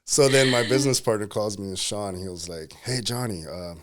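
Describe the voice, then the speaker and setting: A man in his thirties, a pro bodybuilder and entrepreneur, telling stories in a casual interview, animated and quick to laugh. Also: lowish voice. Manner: animated, laughs often, acts out quotes.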